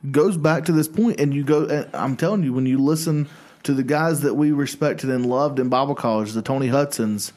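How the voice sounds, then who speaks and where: A man co-hosting a podcast, chatting in an animated, emphatic way. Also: mid-range voice, a little fast. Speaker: podcast co-host. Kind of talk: casual podcast chat.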